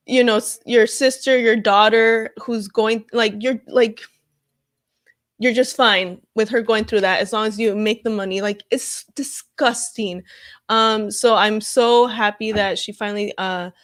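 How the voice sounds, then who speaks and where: A woman's voice: a little high, fairly even intonation, measured pace, fairly bright tone. A woman reacting on camera in a casual vlog, talking in an upset, heated way with lots of fillers, and reading viewer comments aloud. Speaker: comedian reacting to news.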